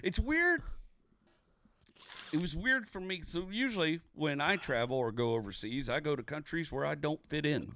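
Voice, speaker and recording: A man from Houston, co-hosting a comedy podcast and telling stories with animated, acted-out quotes. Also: on the high side, normal speed, no echo. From Houston, Texas. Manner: animated, acts out quotes, laughs often. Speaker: podcast co-host. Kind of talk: casual comedic storytelling.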